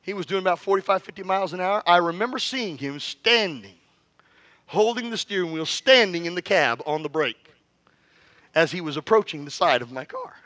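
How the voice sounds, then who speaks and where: A man's voice: sits high, animated, moderate pace, sharp tone, dry recording. A middle-aged male pastor preaching a fervent sermon with call-and-response, telling stories and joking with the congregation.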